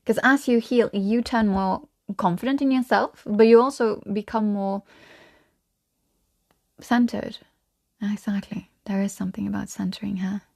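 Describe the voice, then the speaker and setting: A woman's voice: mid-range voice, fairly even intonation, unhurried, vocal fry, darkish tone. A young woman giving a casual spiritual tarot reading. She is chatty and rambling, with frequent laughs. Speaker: tarot reader.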